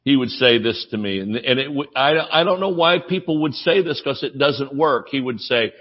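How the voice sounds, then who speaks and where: A man's voice: mid-range voice, normal speed, lo-fi sound. A man with a Southern US accent, preaching a humorous sermon full of stories and laughter. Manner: animated storytelling, laughs often.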